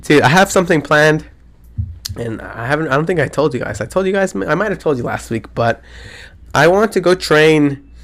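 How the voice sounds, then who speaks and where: A man around twenty hosting his own podcast, chatting casually in an excitable, rambling way full of slang and swearing. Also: a little high, normal speed. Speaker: podcast host. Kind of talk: casual solo podcast chat.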